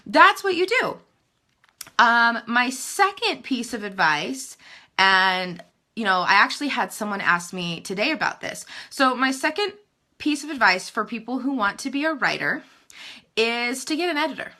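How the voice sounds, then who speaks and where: A woman novelist in her thirties, chatting live to viewers with emphatic, animated writing advice and self-mocking asides. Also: on the high side, moderate pace. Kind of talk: live video chat answering viewer comments.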